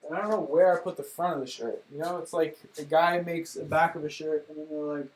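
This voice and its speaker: A man's voice: on the high side, fairly even intonation, brisk, few pauses. A young man chatting casually on a livestream from home, rambling and joking at his own expense. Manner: rambling, joking, self-deprecating. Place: home room.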